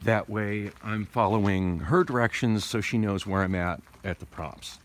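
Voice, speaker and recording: Man, deep voice, rambling vlog chat, restarts and digressions, talking through tooth pain, phone recording. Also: steady tone, unhurried. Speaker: vlogger. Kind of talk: casual rambling vlog monologue. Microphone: phone camera.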